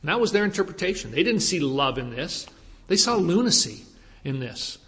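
A man's voice: on the high side, very animated, normal speed, fairly bright tone. Man preaching in a reverberant hall. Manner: questioning, emphatic preaching with rhetorical questions. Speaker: pastor. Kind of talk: sermon.

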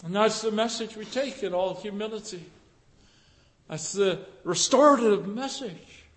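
Male preacher, very high voice, fervent sermon delivery, reverberant church hall. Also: a little slow. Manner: fervent, rising to loud emphatic passages. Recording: echoey hall with long reverb.

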